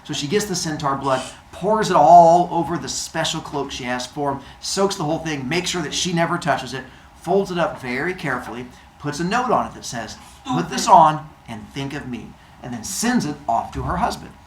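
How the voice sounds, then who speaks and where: A man teaching, telling a story to his class in a casual, chatty and animated way. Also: on the high side, fairly quick, hardly any pauses, roomy sound, a little hiss or hum, low-quality recording.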